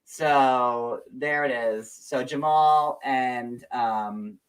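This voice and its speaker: A man's voice: medium pitch, very slow. Male gossip livestream host, rambling and chatty, slightly distant mic. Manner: chatty, meandering, many fillers. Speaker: show host.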